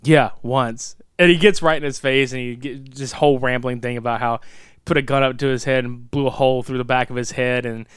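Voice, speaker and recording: A man's voice: medium pitch, a little fast, smooth, no echo, studio quality. A man co-hosting a podcast, chatting casually and profanely about a movie, laughing and quoting scenes. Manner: animated, profane, laughs often, quotes scenes. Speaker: podcast co-host.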